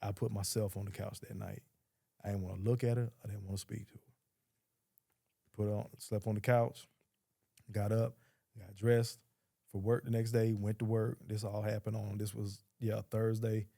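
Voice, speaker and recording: A man with a low, gravelly voice sits down as a podcast guest and tells his story. His tone is dark and mellow, and he talks bluntly, swears freely and acts out what other people said. The sound is close and dry. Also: flat delivery, moderate pace, long pauses, no room sound. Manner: blunt, profane, quotes others in dialogue. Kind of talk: casual storytelling.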